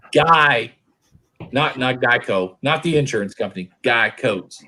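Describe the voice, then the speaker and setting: A man's voice: medium pitch, animated, slow, pushed and bright. A middle-aged man from Oklahoma telling stories in casual chat, rambling and restarting his sentences. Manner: rambling storyteller, many restarts.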